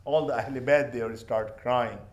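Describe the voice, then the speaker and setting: A man's voice: mid-range voice, steady tone, measured pace, echoey room. A man delivering a mourning sermon, telling the story with passion. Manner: impassioned storytelling. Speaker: majlis speaker.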